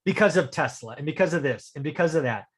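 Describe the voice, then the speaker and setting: A man's voice: fairly high pitch, animated, quick pace. A man hosting a podcast, chatting and joking as he tells stories about investing. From Fresno, California. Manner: joking, conversational storyteller. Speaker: podcast host. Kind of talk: casual podcast chat.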